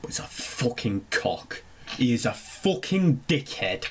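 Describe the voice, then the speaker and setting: Young man, podcast co-host, lively storyteller, swears a lot, faint background noise. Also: a little high, unhurried. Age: young adult. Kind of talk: casual chat.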